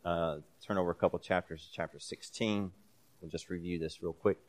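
A low-voiced man teaches a Bible class in a relaxed, conversational way. He reads scripture passages aloud with added emphasis and fills his explanations with casual pauses.

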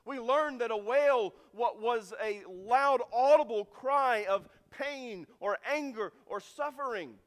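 A man preaching a sermon with dramatic swings from loud, emphatic lines to hushed endings. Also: extremely high pitch, slow, hardly any pauses. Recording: long reverb of a large hall.

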